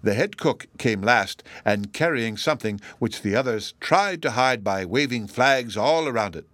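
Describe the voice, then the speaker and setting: A man narrating a story in a measured audiobook reading. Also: no echo. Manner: measured storytelling with lively pitch.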